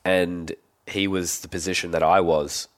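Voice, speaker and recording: Deep-voiced Australian man telling stories. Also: a little slow. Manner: relaxed, animated when quoting others. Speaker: guest. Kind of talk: casual storytelling.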